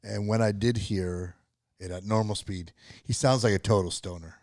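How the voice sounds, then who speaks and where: A man with a fairly low voice trading wry, deadpan one-liners in loose conversation among friends. The sound is dry and close. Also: normal speed, no room sound. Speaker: podcast co-host. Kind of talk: casual chat.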